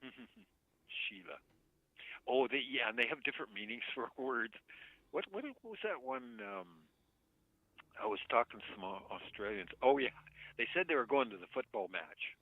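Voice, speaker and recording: A man calling in to a late-night show, chatting casually and rambling, often chuckling and trailing off softly. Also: medium pitch, sing-song, normal speed, creaky, no room sound. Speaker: caller. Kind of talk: casual call-in chat. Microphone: phone. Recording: tinny phone line.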